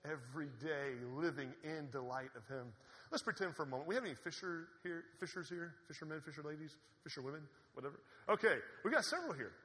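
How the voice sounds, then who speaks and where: A man preaching a sermon in an animated, conversational way, with asides to the congregation. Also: on the high side, fast talker. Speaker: pastor. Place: church sanctuary. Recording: long hall reverb.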